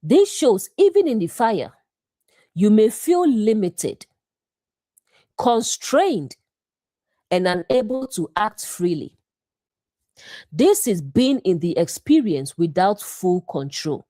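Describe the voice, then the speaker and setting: A woman delivers a scripted devotional Bible lesson in short, deliberate phrases. Her pace is unhurried and her voice is mellow, while her pitch moves with lively rises and falls. The sound is close and dry. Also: no echo. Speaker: bible teacher.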